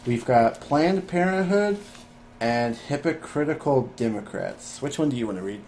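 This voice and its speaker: A young man co-hosting a casual podcast, talking quickly and joking, also reading aloud. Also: medium pitch, expressive, darkish tone, a little hiss or hum. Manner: quick, joking, laughs often. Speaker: podcast co-host.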